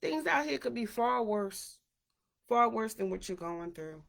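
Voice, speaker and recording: A woman hosting a casual solo podcast, chatty and animated, who acts out the voices of people she quotes. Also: fairly high pitch, measured pace, creaky. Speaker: podcast host.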